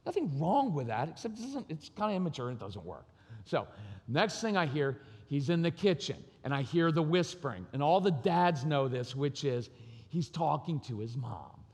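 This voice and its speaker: A man's voice: fairly high pitch, moderate pace, slightly rough. Middle-aged man, joking speaker in a reverberant hall. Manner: lively, joking, self-deprecating, acts out voices. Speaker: parenting speaker. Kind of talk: conference talk, storytelling. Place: large hall at a live conference. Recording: long reverb of a large hall.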